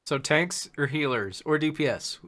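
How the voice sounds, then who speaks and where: A man's voice: a little high, moderate pace, fairly bright tone. A man hosting a casual live-stream panel chat, asking long, detailed questions.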